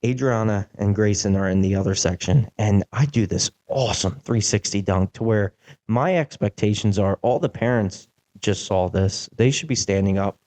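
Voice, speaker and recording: A young man hosts a podcast and tells a story in a casual, animated way. He fills his speech with "like" and acts out what people said. His voice sits low, with a dark, mellow tone. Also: normal speed. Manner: animated, acts out quotes, many "like" fillers. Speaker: podcast host.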